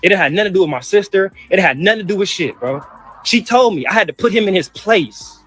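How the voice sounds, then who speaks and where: A man in a family feud clip, the brother, rants heatedly about his mother, cursing and repeating himself over faint music. His voice is high-pitched, expressive, fast and a bit bright, and the whole thing comes across as an emotional, profane outburst.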